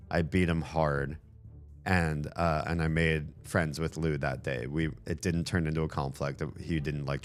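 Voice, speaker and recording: A man with a very low voice talks his way through a video game in a loose, rambling way and curses offhandedly. His voice is getting worn and hoarse, and quiet game music plays faintly underneath. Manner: rambling, swears casually. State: losing his voice. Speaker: gameplay commentator. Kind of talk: casual let's-play commentary.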